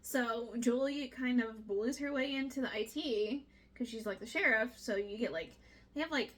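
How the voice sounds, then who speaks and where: A young woman talks through a novel's plot in a loose, chatty way, lively and a touch profane. Her voice is bright and sits a little high. She acts out characters' lines with quick bursts of energy. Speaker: book club co-host. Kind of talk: casual book discussion.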